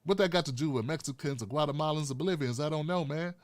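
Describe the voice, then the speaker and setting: A man's voice: fairly high pitch, quick pace, dry recording, studio quality. A man hosting his own show, delivering a heated political commentary rant full of constant swearing. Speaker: host.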